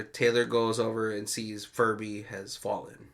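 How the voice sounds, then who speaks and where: Bright-voiced man recapping a movie. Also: fairly low pitch, unhurried, gravelly. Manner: animated storytelling with frequent laughs. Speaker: podcast co-host. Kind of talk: casual movie commentary chat.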